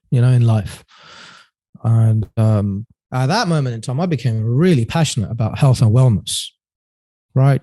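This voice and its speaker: A man as a podcast guest, telling his story in a relaxed way with many fillers and self-corrections. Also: medium pitch, dry recording. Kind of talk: casual storytelling interview.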